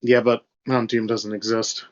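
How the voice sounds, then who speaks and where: Young male co-host, mid-pitched, rambling and sweary, on a dull lo-fi mic. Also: flat delivery, a little slow. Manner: rambling, loose and profane, lots of fillers. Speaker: podcast co-host. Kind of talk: casual chat.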